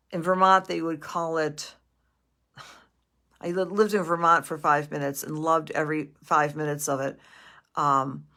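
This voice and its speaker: A middle-aged woman doing a live psychic reading, gentle and affectionate, pausing and restarting often. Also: lowish voice. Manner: gentle and affectionate, calling viewers sweetie and honey; halting with many restarts and fillers. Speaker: astrologer and psychic medium.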